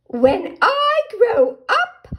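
A woman's voice: very high voice, big pitch swings, extremely slow, fairly bright tone, voice pushed up, full character voice. A woman voicing an eager, boastful young female caterpillar in a singsong, self-important way.

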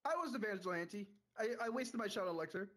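A man talking excitedly on a group game call, explaining his moves. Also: sits high, quick pace. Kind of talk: casual gaming chat.

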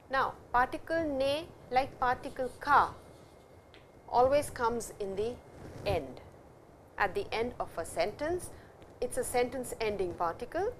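A woman lecturing a recorded language class, her voice sitting a little high and swinging widely in pitch. She explains step by step and repeats the key words. A faint hum sits under her voice. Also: fairly bright tone. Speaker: Japanese language teacher.

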